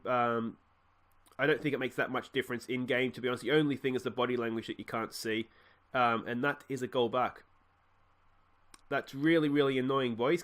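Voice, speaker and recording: A man's voice: medium pitch, a bit bright. A young Australian man commenting on his football management game, rambling with fillers and growing exasperated at his team. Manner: mock tirade at his players. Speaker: gaming channel host. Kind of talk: let's play commentary.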